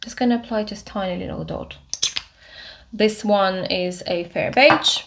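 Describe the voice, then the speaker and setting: Slow-talking woman demoing makeup. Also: medium pitch, noisy background. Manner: unhurried, many fillers and restarts while demonstrating. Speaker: beauty vlogger. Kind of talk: casual makeup tutorial.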